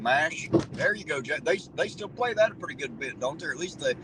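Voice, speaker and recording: A middle-aged man hosts a livestream, reading the chat and reminiscing in a folksy, rambling, casual way. His voice is fairly high and expressive, moving a little fast, with noise audible in the background.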